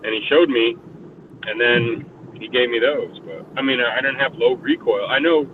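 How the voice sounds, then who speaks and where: A man's voice: mid-range voice, moderate pace. A man telling a rambling story in casual chat, swearing constantly. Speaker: voice chat participant. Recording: tinny phone-like voice chat, faint hiss.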